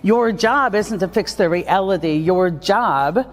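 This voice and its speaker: A woman speaking about leadership at a conference, energetic and acting out the voices of the people she quotes. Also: mid-range voice, takes it slowly. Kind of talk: conference talk and vlog.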